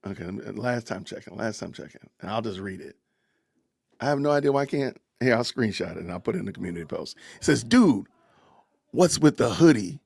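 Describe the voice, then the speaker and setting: A man's voice: fairly low pitch, expressive, fast, vocal fry, slightly rough, no echo. A middle-aged man, hosting a casual podcast livestream from home, chatty and laughing often as he talks to his viewers. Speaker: podcast host. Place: home, family heard in the kitchen.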